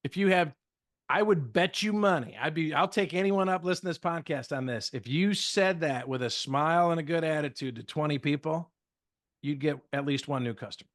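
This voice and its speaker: A middle-aged man telling lively stories in casual podcast chat, acting out the dialogue as a communication trainer. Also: on the high side, brisk. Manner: lively, acts out dialogue in stories, many fillers. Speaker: guest speaker and communication trainer.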